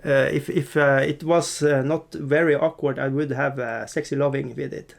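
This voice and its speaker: Giggly hobby host with a gravelly voice. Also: male voice, medium pitch, steady tone, moderate pace. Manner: self-deprecating, laughs often, hesitant restarts. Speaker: miniature painting channel host. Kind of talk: rambling casual chat. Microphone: desk mic in front of green screen.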